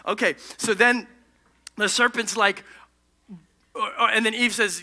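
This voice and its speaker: High-voiced guy preaching, super bright tone, chatty and jokey. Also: moderate pace, long pauses. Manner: energetic, conversational, jokey. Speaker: pastor. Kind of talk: sermon. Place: church stage.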